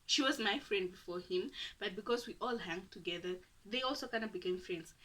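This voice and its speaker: A woman's voice: medium pitch, fairly bright tone. A young woman from Namibia, telling a personal story to her viewers in a chatty, dramatic way and laughing at herself often. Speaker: YouTuber. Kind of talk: casual storytime.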